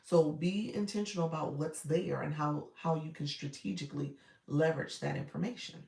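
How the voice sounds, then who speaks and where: A woman with a low, gravelly, darkish voice coaches viewers on a live stream at a moderate pace. She's chatty and colloquial, saying y'all and ain't, and greets viewers by name as they join, even mid-sentence. The recording sounds roomy, with her far from the mic.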